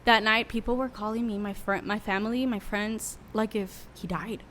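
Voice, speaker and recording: A woman's voice: mid-range voice, steady tone, moderate pace, a bit bright. Young woman, worship leader, podcast guest, candid and emotional, faint background noise. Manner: candid, emotional storytelling with many fillers. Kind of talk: casual podcast interview.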